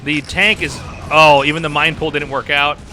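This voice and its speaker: A man's voice: on the high side, little pitch movement, normal speed, sharp tone, faint music behind. A man hosting a game stream, casting a match and chatting casually with viewers. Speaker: caster and stream host.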